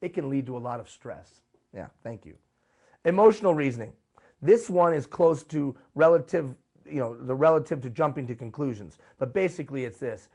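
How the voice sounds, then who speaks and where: A man leads a live workshop in an event room, pressing his points emphatically and throwing rhetorical questions at the crowd. He has a medium-pitched, darkish voice and speaks briskly and expressively.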